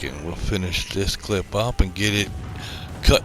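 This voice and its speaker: Male gameplay narrator, lowish voice, rambling and playful, home studio feel. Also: unhurried, very noisy. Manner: rambling and jokey, laughs often. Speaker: gameplay commentator. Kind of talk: unscripted gameplay voice-over. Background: background music.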